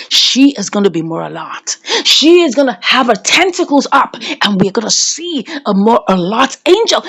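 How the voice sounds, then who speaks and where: A woman reviewer retelling a film scene by scene in a dramatic, animated way. Her voice is high and very lively in pitch. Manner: animated storytelling, acting out lines. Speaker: movie reviewer. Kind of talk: dramatic movie recap.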